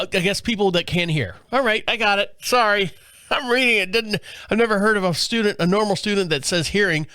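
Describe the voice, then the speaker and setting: A high-voiced man hosts a comedy podcast, reading a story aloud and often breaking into laughter. He stumbles over his words and restarts, and the recording is dry and close, with no room sound. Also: fairly bright tone, clean tone, no echo. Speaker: podcast host. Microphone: studio multi-camera setup.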